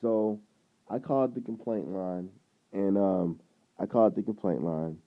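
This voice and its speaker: A man vlogging, casually retelling a frustrating run-in, rambling and animated, acting out what people said. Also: low-pitched, measured pace. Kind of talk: casual storytelling to camera. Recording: tinny phone-like sound.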